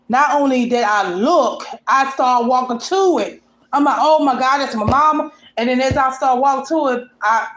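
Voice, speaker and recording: A woman's voice: fairly high pitch, slight background noise. A woman telling a painful personal story to her vlog audience in a rambling, emotional, colloquial way. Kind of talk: casual storytelling.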